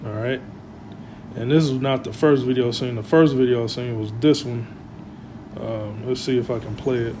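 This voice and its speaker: A man of middle pitch talks through religious commentary in a loose, rambling way, trailing off quietly and packing in fillers. A clear hum runs steadily behind him. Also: fairly even intonation, moderate pace, poor audio.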